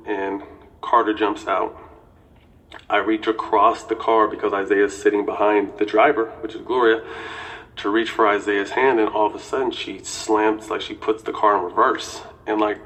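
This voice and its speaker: A middle-aged man with a lowish voice tells a story casually. He rushes through the details and restarts his phrases, and he swears freely. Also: flat delivery, a bit bright. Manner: quick, restarting narration with frequent profanity. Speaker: interviewee telling a story.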